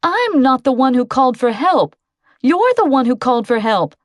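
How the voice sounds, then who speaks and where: Woman performing a frightened teen girl, high pitched, pleading, strained, dry audio. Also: sing-song, normal speed, no room sound. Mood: upset. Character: frightened teenage girl, tearful and angry.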